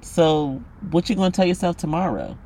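A man's voice: on the high side, normal speed, dark tone, a little hiss or hum. A man hosting a solo podcast monologue, talking bluntly and passionately, with plenty of swearing and direct address to the listener. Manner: blunt, profane, passionate ranting; emphatic, talks straight at the listener. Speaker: podcast host.

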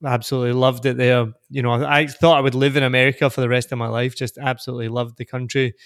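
A man in his thirties from Glasgow with a soft Scottish accent, chatting as a guest on a podcast. He talks in an upbeat way, laughs often and repeats words as he starts sentences. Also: mid-range voice, little pitch movement, quick pace, no echo, clean studio sound. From Scotland. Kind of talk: casual interview chat.

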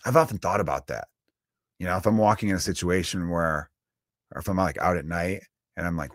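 A lower-voiced man rambles through a comic podcast monologue, swearing casually and jumping into loud, animated impressions. He sits close to the mic in a dry, dead room with no echo. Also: a little fast. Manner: profane, rambling, acts out voices with sudden loud bursts. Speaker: comedian podcast host.

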